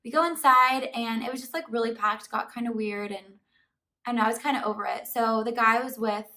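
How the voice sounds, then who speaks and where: A woman's voice: on the high side, brisk. A woman vlogger telling a storytime to camera in a casual, chatty way, peppering her talk with "like". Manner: chatty, fillers of "like" throughout, animated retelling. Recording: voice somewhat far from the mic.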